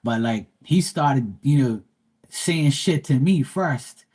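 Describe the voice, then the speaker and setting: A man's voice: medium pitch, expressive, slow, a little mellow, slightly rough. A man from Bermuda, retelling a neighbor quarrel in a profane, heated way on a casual livestream. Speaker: live tarot reader.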